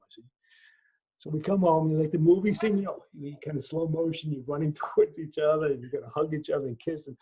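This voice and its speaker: A man lecturing in a Q&A over a video call, telling a personal story in an animated way, acting out dialogue and often restarting his sentences. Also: fairly high pitch, a little fast, slightly rough. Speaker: lecturer answering questions. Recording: muffled lo-fi video call audio.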